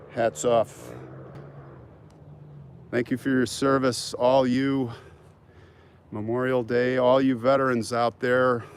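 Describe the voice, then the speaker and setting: Playful man hosting a cemetery livestream. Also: mid-range voice. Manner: playful, teasing, calls guesses hot and cold. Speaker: channel host. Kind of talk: live-stream cemetery walk, reading chat. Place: outdoors in a cemetery.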